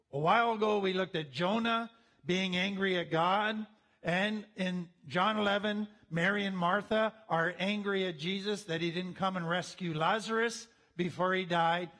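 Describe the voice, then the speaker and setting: A man with a notably high speaking voice delivers a teaching talk in an earnest, conversational manner. When he reads scripture aloud he slows down and leans into the words. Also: a bit bright.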